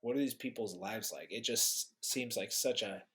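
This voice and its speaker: A man's voice: lowish voice, normal speed, a bit bright. A man who is a guest on a podcast, talking casually and thoughtfully, often starting his sentences over. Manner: thoughtful, hesitant, restarts sentences.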